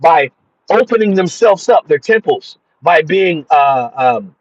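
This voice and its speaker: A man's voice: fairly high pitch, expressive, unhurried, no room sound. A man giving an emphatic, repetitive religious monologue about spirits. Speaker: spiritual commentator. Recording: dull dry lo-fi sound.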